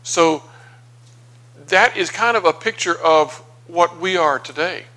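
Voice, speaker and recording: A man preaching a sermon through scripture, conversational and unhurried, pausing on fillers as he thinks aloud. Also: on the high side, sharp tone, rough recording.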